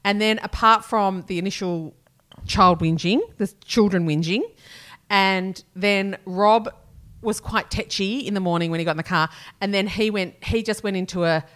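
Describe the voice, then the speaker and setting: A woman's voice: medium pitch, moderate pace, fairly bright tone. A woman in her forties with an Australian accent, co-hosting a casual chat and telling stories in a rambling, swearing way. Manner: rambling storytelling, swearing, acts out family members. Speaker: podcast co-host.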